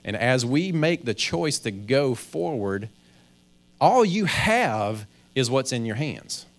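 This man's mid-range voice rises and falls dramatically as he moves slowly through a sermon delivered like a conversation. As a pastor, he often dramatizes what people think inwardly, and his restarted sentences come out with a stammer.

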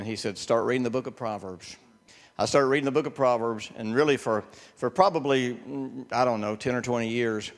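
A man's voice: mid-range voice, big-room sound. An older man preaching a sermon, telling folksy personal stories and repeating words for emphasis.

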